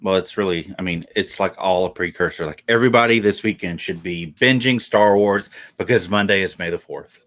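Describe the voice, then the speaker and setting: A man's voice: deep voice, a little fast, few pauses, a bit bright. A man in Tennessee co-hosting a casual livestream, laid-back and dry-humored. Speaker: co-host.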